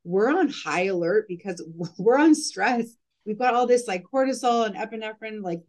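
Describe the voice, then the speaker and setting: A woman who coaches mothers, talking earnestly in a casual podcast interview and using "like" often. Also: mid-range voice.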